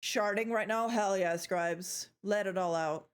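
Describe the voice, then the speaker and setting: A woman's voice: medium pitch, unhurried, clear, resonant tone. A young woman streaming live, chatting playfully with her viewers, joking and swearing as she goes. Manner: playful, chatty, swears freely, trails off and restarts.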